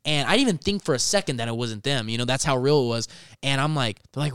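A man telling a story in loose, profane podcast chat. His voice is smooth and clear and sits at a middle pitch. The sound is dry and close, with no room around it. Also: fast, no room sound. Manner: swears a lot, animated when telling a story. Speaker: podcast co-host.

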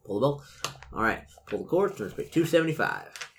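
A man serving as game master who reads a gamebook aloud in a relaxed podcast session and narrates expressively. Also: medium pitch, a little fast, noisy background.

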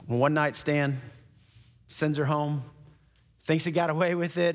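A man preaching a sermon in a church, telling a scripture story in a lively, conversational way. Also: on the high side, measured pace, pauses often. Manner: animated, conversational, acts out the scenes. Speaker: pastor. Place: church auditorium. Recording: long church-hall reverb.

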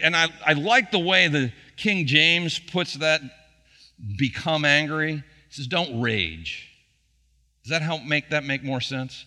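A man's voice: on the high side, expressive, unhurried, bright, forceful tone. A middle-aged male pastor preaching in church, in a conversational way with rhetorical questions. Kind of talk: sermon. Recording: church hall reverb.

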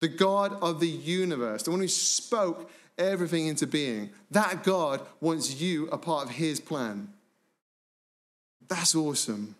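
A man preaching a sermon as pastor, emphatic, slowing down and dropping low and quiet on key words. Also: animated. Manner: slows down to stress phrases.

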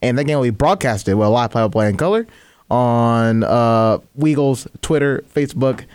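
A man hosting a casual sports podcast, chatting in an animated, joking way. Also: medium pitch, clear, resonant tone, dry recording, clean studio sound. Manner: animated, joking, quick to laugh. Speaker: podcast host. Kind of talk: casual chat.

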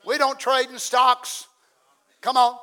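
A middle-aged man preaching a fiery sermon as pastor, swinging from hushed asides to loud shouting. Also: very high-pitched, monotone, slow.

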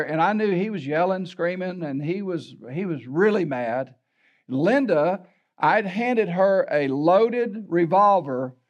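An older pastor preaches a sermon in a fairly high voice. He tells a story from his own life, acts out the people he quotes and repeats words as he goes. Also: lo-fi sound.

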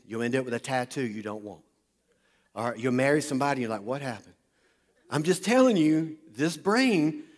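A man preaching a sermon, joking and chatting with the crowd in front of him. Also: on the high side. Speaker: pastor. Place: large hall with an audience. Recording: long hall reverb.

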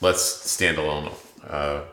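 A man's voice: extremely low pitch, flat delivery, measured pace, bright, forceful tone, slight background noise. A man co-hosting a casual book podcast who talks hesitantly, repeating words and joking. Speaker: podcast co-host. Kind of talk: casual book-club chat. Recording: roomy echo.

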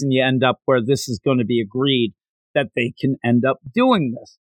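A man co-hosting a casual podcast chat, animated, acting out quotes with big jumps in pitch. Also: moderate pace, no echo. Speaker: podcast co-host. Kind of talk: casual chat recapping an anime episode.

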